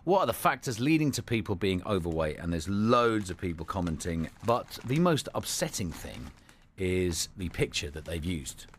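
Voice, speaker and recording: A man's voice: low voice, sing-song, husky. A man hosting a radio breakfast show, bantering playfully and teasing his co-host. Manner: teasing, jokey, quick to laugh. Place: radio studio.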